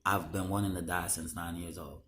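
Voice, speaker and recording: A man's voice: low voice, little pitch movement, normal speed, fairly bright tone, slight background noise. A young man talking straight to the camera in a raw, emotional monologue, slangy and full of swearing.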